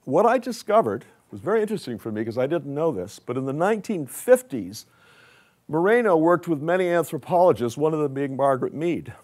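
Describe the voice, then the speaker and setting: A man's voice: fairly high pitch, very animated, brisk, a little mellow. An older man giving a conversational conference lecture with slides, asking the audience questions. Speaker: conference speaker.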